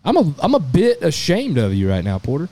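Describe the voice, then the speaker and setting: A man with a mellow, relaxed tone ribs his co-host in casual podcast chat. He teases in a playful way. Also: fairly high pitch, brisk. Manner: teasing, playful ribbing.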